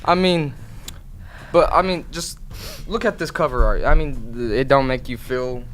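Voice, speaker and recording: Young man, halting emphatic speech, casual chat, faint background noise. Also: mid-range voice, a bit bright. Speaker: co-host.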